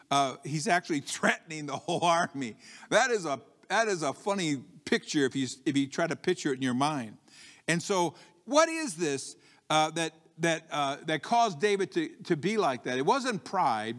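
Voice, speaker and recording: Storytelling pastor in a reverberant church. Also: male voice, fairly bright tone. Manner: storytelling, acts out bold defiant quotes with rising pitch; frequent restarts and "you know" asides, conversational. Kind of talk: sermon. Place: church sanctuary. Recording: long reverb of a church hall.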